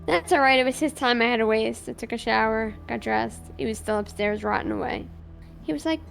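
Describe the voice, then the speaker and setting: A woman's voice: a little high, a little fast, vocal fry, slight background noise. A woman streamer playing a police officer in a roleplay, animatedly recounting events and acting out both sides of the dialogue. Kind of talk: in-character roleplay storytelling.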